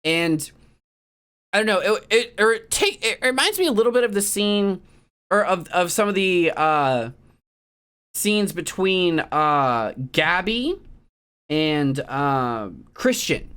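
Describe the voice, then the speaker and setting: A casual streamer talking at length in an easy, rambling way, full of "um" and "like." The voice sits at a middling pitch, and the talk drifts from musing to sudden loud, animated bursts. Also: slow pace, clean tone. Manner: rambling, many fillers like "um" and "like". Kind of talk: casual chat.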